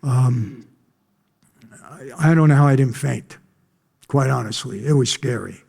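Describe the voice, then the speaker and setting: Mellow-voiced man telling a gripping story. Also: mid-range voice, a little slow, long reverb tail. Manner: emphatic, conversational, often clears throat. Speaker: conference speaker. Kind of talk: personal storytelling talk. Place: conference stage.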